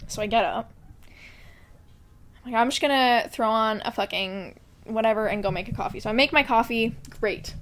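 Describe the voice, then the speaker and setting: A woman's voice: a little high, brisk, long pauses, fairly bright tone, slight background noise. A young woman co-hosting a podcast, chatting casually, swearing and laughing often. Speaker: podcast co-host. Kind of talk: casual chat.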